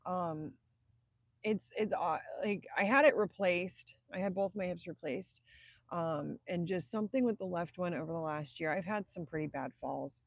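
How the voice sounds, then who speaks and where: Gravelly-voiced woman chatting to a live stream. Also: fairly low pitch, moderate pace, no echo. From Indiana, US. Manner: chatty and rambling, stops to greet chatters by name. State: tired. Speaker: livestream host. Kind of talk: casual live-stream chat, greeting viewers. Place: inside a car at night.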